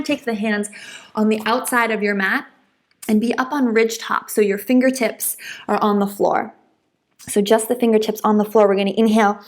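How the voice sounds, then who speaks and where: A woman guiding a yoga flow in a calm, encouraging voice. She paces her cues to the breath and fills the pauses with soft hums. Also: mid-range voice. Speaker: yoga instructor. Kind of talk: guided yoga class instruction.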